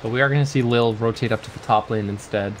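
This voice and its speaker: A man's voice: medium pitch, fast, slight background noise. Analytical man commentating an esports match. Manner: analytical, explains strategy. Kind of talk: live color commentary.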